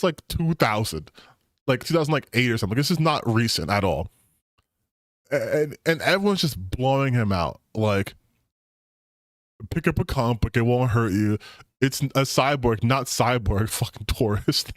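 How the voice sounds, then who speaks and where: A man's voice: fairly high pitch, no echo, clean studio sound. A young man, streaming and mocking online posts in profane, casual commentary.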